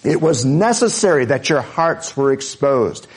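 A pastor preaching a sermon, earnest and emphatic, driving points home with repeated phrases. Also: male voice, medium pitch, very animated, measured pace, slightly rough.

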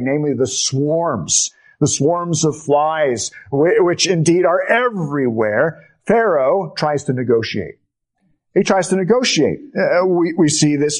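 A male pastor delivering a sermon at a slow, deliberate pace. His voice sits a little high, and it sinks deep and quiet on the words he stresses. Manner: slow, emphatic preaching with deep drops on key words.

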